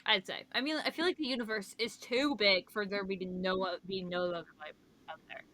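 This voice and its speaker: A woman's voice: mid-range voice, brisk, pushed and bright. A young woman co-hosting a casual podcast, giggly and rambling, trailing off with fillers. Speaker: podcast co-host. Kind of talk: casual chat.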